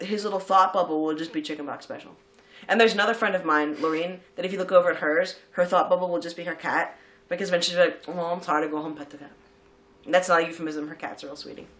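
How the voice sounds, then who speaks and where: A woman's voice: fairly low pitch, fast. A woman co-hosting a casual movie vlog, chatty and rambling, with lots of fillers. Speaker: vlog co-host. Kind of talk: casual chat about a movie.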